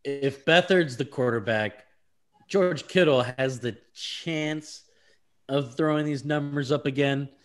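Rambling, laughing male sports podcaster. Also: mid-range voice. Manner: fast, rambling analysis with laughs and stumbles over names. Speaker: podcast co-host. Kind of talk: casual sports chat.

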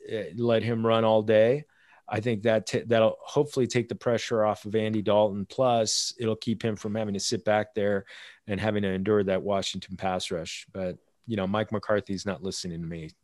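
A low-voiced man co-hosts a casual football chat, easygoing and quick to agree. His voice sounds dry and close, with no room around it. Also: darkish tone, no room sound. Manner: easygoing, quick to laugh along. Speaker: podcast co-host, fantasy football player. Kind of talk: casual sports talk.

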